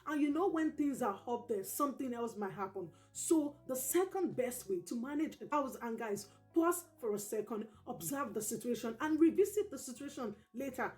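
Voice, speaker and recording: High-voiced woman giving parenting tips. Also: animated, a little mellow, soft background music. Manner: emphatic, repeats key points slowly. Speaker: parenting channel host. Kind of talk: direct-to-camera parenting advice.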